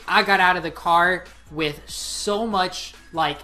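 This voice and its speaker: Late-teen woman, casual vlog storyteller; bright, punchy tone, rambling and excitable. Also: on the low side, takes it slowly, soft background music. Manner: excitable, rambling, heavy use of 'like'. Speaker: vlogger.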